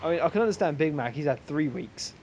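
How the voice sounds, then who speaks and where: A man hosting a casual group podcast, rambling and joking between quick asides. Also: a little high, lively intonation, darkish tone, a little hiss or hum. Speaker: podcast host.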